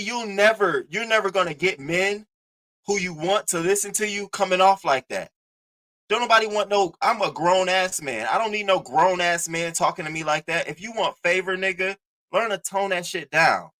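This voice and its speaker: A man riffs to his live-stream chat in a bright, forward voice. He talks loose and animated, swearing freely and mocking the people he talks about. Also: high voice, moderate pace, poor audio. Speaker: commentary streamer. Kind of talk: casual commentary talking to a live chat.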